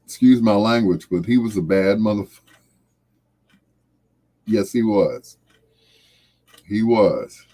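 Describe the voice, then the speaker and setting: Slow, mellow-voiced man hosting late-night radio. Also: on the low side, lively intonation. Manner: slow, reflective and heartfelt, trailing off softly. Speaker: radio host.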